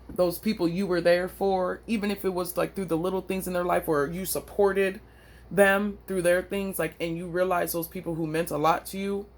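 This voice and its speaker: A woman's voice: sits low, slight background noise. A woman vlogger venting into her phone, frustrated and blunt, with slangy, profane talk. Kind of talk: emotional personal vent.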